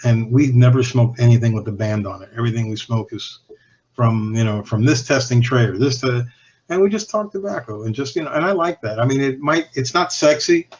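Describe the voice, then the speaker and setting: A man's voice: medium pitch, fairly quick, darkish tone, highs cut off. A man guesting on a podcast, telling cigar-industry stories in a candid, profane, rambling way that often restarts and trails off. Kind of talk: casual anecdotal storytelling.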